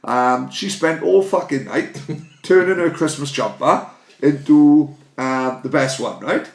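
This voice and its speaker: Welsh bloke, podcast co-host, rambling sweary anecdotes, echoey room. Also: male voice, medium pitch, slow, creaky. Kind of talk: casual pub-style chat.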